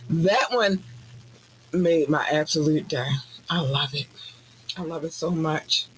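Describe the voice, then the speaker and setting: A woman hosting a podcast in casual chat, bubbly and effusive, squealing with excitement. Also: lowish voice, a little slow, a little hiss or hum. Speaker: podcast host.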